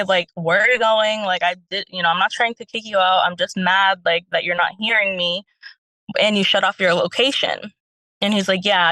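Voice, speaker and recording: A young woman calls in as a stay-at-home mom, her mid-range voice pushed and bright. She rambles through her story with lots of fillers and retells what people said. The audio is poor but has no echo.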